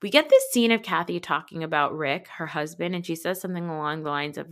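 A woman's voice: deep voice, quick pace, hardly any pauses. A woman hosting a podcast, recapping a reality show in casual, blunt, exasperated chat and swearing freely. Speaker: podcast host.

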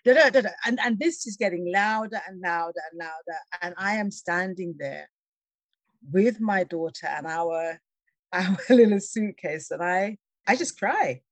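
A woman telling a personal travel story in a conversation, lively and laughing, acting out the voices of the people she quotes. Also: fairly low pitch, measured pace, dry recording. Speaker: guest.

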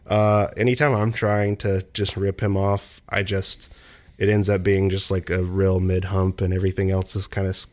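A young man with a lowish voice rambles casually, piling on fillers and false starts. He talks like a home musician who produces his own tracks. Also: level tone, moderate pace, a little mellow. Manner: rambling, many fillers and restarts. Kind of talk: casual conversation.

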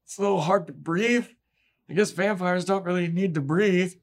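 Man putting on a squeaky vampire girl voice, bored and cocky, high and breathy. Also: moderate pace. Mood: flustered. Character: perky young woman turning vampire, bored. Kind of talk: podcast scene recap.

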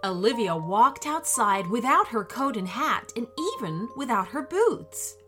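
A woman reads a children's story slowly and soothingly, her fairly high voice rising and falling with lively expression. Soft music plays faintly behind her. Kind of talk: scripted children's story narration.

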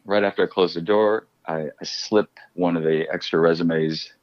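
A middle-aged actor telling stories in a casual interview, animated and quick to laugh. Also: male voice, low-pitched, dull audio. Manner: animated storyteller, laughs often. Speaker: actor guest.

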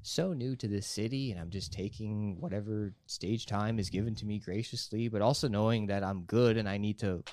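A young man, a stand-up comedian, telling a profane story in animated casual podcast talk. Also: on the low side, moderate pace, hardly any pauses.

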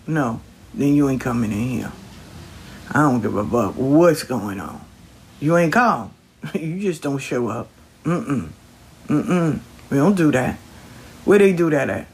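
Here a medium-pitched male voice offers relaxed, uplifting talk over slight background noise. Speaking in a Southern Black vernacular, he gives homespun spiritual guidance in a soothing way and occasionally lowers his voice to a whisper.

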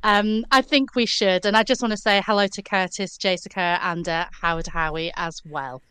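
A woman's voice: medium pitch, steady tone, moderate pace, a bit bright, smooth, dry recording. A woman co-hosting a live podcast, giggly and a little hesitant, with fillers. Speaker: podcast co-host.

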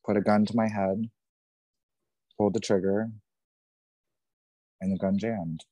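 A man in his thirties with a very low, dark voice tells a painful personal story as a podcast guest. He talks in a raw, intense way, swears freely and repeats himself. The sound is close and dry. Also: steady tone, measured pace, no echo. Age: 30s.

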